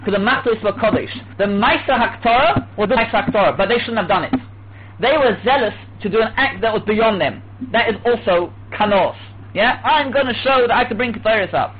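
High-voiced man teaching over a tinny line. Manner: animated, acts out voices, restarts often. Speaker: Torah teacher. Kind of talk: Torah class lecture. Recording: tinny phone-like line with faint hiss.

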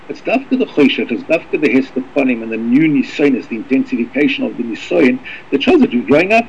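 A man gives a Torah lesson at a brisk clip, his voice rough with gravel. He stumbles and circles back over words, then races through Hebrew readings. The recording is dull and muffled, with a faint hiss underneath. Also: medium pitch, very animated. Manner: rapid, halting, repeats words, reads Hebrew fast. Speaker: rabbi teaching a Torah class.

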